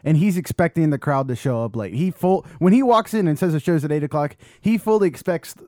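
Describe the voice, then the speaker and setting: A man's voice: a little high, animated, fairly quick, darkish tone, dry recording, studio quality. A man co-hosting a casual podcast, blunt and argumentative, swearing casually. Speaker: podcast co-host. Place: indoor podcast room.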